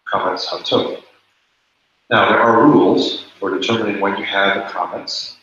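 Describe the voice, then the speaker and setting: A man's voice: on the low side, steady tone, a little slow, a bit bright, a little hiss or hum. A man teaching a classroom lesson, explaining rules step by step and repeating the key points. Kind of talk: classroom lecture. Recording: echoey room, dull lo-fi sound.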